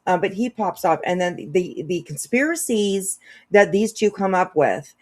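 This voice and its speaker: A woman's voice: medium pitch, expressive, normal speed. A woman hosting a casual commentary video, rambling with lots of fillers and restarts. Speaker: commentary channel host.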